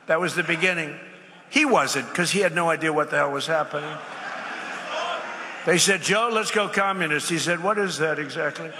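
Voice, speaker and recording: At a public event in a large space, a man gives an off-the-cuff speech, emphatically repeating his points and wandering into rambling asides. His voice is a little high and moderately paced, recorded in a reverberant hall with faint ambience and background noise.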